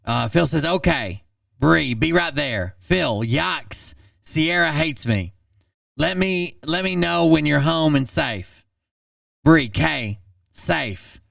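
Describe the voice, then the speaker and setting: A man hosting a channel, reading text messages aloud in a flat, deadpan way and adding blunt asides. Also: on the high side, slow, vocal fry, dry recording, clean studio sound, recorded from a distance.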